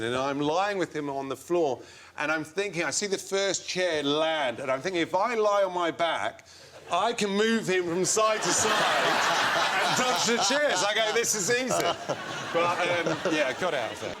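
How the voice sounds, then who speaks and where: A man tells a story as a talk show guest, his voice fairly high and swinging widely in pitch. He slips into put-on voices as he goes. The studio recording has clear noise behind him. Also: lively intonation, normal speed. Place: TV studio with audience.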